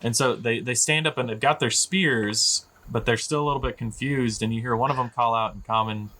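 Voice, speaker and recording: A man runs a tabletop game, narrating in a loose, chatty way with plenty of "um"s and "like"s. His voice is bright and forward. A light hiss hangs in the background. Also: medium pitch, fairly even intonation, fairly quick. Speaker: game master.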